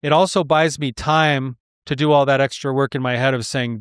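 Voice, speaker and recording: A man's voice: mid-range voice, steady tone, moderate pace, few pauses, fairly bright tone, clean tone, no room sound, clean studio sound. A man talking as a guest therapist in a casual podcast conversation, earnest and explanatory, laughing and sighing now and then.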